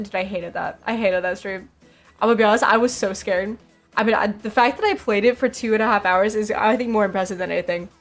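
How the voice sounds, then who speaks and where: A young woman streaming, chatting casually with her viewers, laughing often and repeating herself. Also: on the high side.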